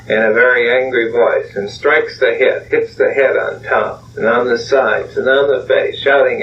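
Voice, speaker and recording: An older man, a clinical psychologist, calmly leading a guided imagery session in slow second-person narration on an old tape recording with a distant mic. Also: mid-range voice, creaky, highs cut off, slight background noise.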